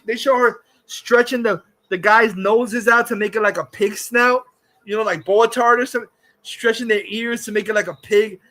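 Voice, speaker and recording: Man, high voice, bright tone, crude rambling livestream rant. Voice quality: crude, rambling, laughs often. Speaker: streamer host.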